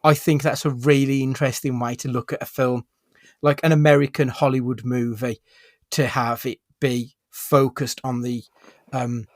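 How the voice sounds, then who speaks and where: Male podcast co-host, mid-pitch, dry close sound, easygoing film-review chat. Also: moderate pace, dry recording. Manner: relaxed, leads the rating categories.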